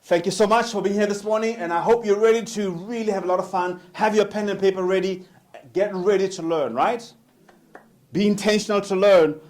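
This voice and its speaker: South african guy doing a live motivational talk, bit higher voice, punchy, asks the crowd lots of questions. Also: darkish tone. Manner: emphatic, rhetorical questions, humorous asides. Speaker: motivational speaker. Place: room with live audience.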